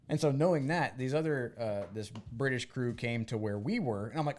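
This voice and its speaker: A man co-hosting a podcast, telling stories in a relaxed, animated way and acting out the voices of the people in them. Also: medium pitch, fast talker. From United States. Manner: animated storyteller, acts out quoted voices. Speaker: podcast co-host. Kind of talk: casual podcast chat.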